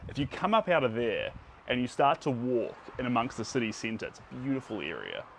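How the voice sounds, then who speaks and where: A man's voice: mid-range voice, very animated, brisk, creaky, slight background noise. A man with a New Zealand accent chatting casually to his livestream viewers as he paints, greeting them by name.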